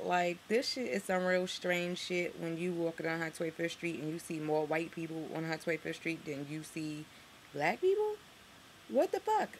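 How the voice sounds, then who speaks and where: Low-voiced ranting New York woman. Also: slight background noise. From Harlem, New York. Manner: animated, profane, sarcastic, shooting up in pitch when outraged. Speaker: vlogger. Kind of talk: ranting to camera.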